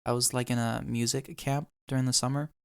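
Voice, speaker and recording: A young man tells a painful memory in casual podcast chat, quoting people and swearing as he goes. His voice is smooth and clear, with little rise and fall. The recording is dry and close. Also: mid-range voice, level tone, a little fast, dry recording. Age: young adult. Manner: emotional storytelling, swears, quotes people. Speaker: podcast host.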